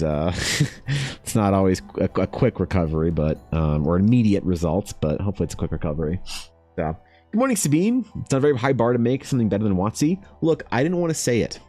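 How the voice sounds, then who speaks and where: A man's voice: sits low, dark tone. A man in his thirties, an artist chatting casually with viewers while drawing, laid-back and rambling, laughing often and calling people dude. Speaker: artist livestreaming.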